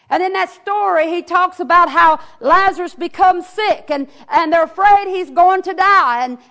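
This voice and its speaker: Woman preacher with a very high voice, fervent and repetitive, storytelling sermon. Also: a bit bright. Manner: fervent, repetitive invocations, rising to hollering in retold scenes. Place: church.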